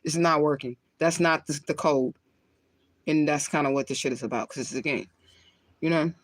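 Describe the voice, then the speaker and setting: A low-voiced woman at normal speed hosts a casual livestream as a spiritual reader. Between thoughts she lights a cigarette and smokes while talking, rambling, cursing, and laughing often, all on a dry recording.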